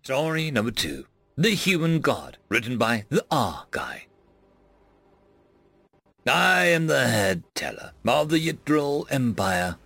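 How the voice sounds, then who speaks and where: Expressive gravelly male story reader. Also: medium pitch, slow, no echo. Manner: expressive, dramatic reading. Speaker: story narrator. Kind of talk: scripted story reading.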